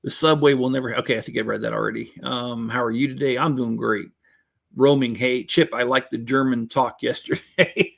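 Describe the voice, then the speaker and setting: A man in his 50s hosts a casual live stream, building LEGO sets while reading viewer chat and chatting in a rambling, jokey way with frequent chuckles. His voice is mid-range, a bit bright, with vocal fry, at a moderate pace.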